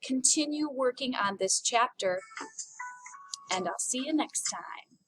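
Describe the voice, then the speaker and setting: A woman teaching a recorded French lesson, speaking slowly and clearly and modeling French phrases in an upbeat way. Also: high voice, expressive, a bit bright, faint music behind.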